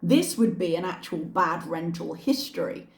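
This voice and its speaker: A woman's voice: fairly low pitch, lively intonation, moderate pace. A woman hosting a reaction channel, giving casual commentary with wry, sarcastic asides. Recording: echoey room.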